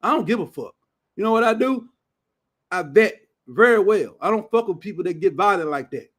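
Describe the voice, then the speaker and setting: A man hosting his own show, ranting casually in a loud, blunt, profane way with heavy slang. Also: high voice, lively intonation, fairly quick. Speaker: show host.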